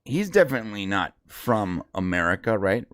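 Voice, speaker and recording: A man co-hosting a podcast in casual chat, rambling and halting with lots of fillers. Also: on the low side, big pitch swings, fairly bright tone, no echo, studio quality. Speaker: podcast co-host.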